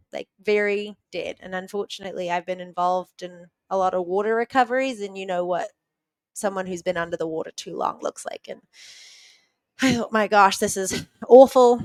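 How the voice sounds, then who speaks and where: Smooth-voiced woman telling a vivid story. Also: mid-range voice, no room sound. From New Zealand. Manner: vivid, earnest retelling with quick restarts. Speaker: podcast guest. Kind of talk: personal storytelling in a podcast interview.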